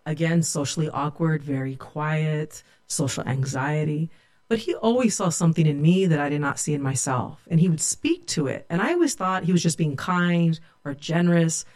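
A middle-aged sociology professor from California tells her own story candidly and reflectively. Her deep voice is expressive and a little mellow, at a moderate pace.

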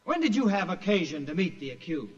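An actor playing a prosecutor questioning witnesses slowly and deliberately, in 1940s radio acting. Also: male voice, high voice, big pitch swings. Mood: probing. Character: measured male courtroom prosecutor. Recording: muffled old radio recording with reverb.

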